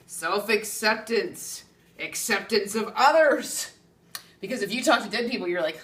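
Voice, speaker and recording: A woman, a psychic medium, teaching in a chatty, animated way, laughing and often checking in with "okay?". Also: on the high side, a little slow, echoey room, far from the mic. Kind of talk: spiritual teaching talk.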